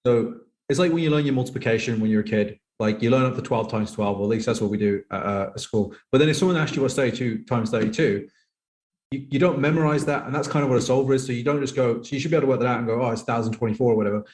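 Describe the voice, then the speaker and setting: A man's voice: mid-range voice, a little mellow. A man, a poker coach speaking as a podcast guest in casual conversation, acting out other people's lines as quotes. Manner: fast-talking, acts out others' lines in quoted voices. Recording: roomy echo.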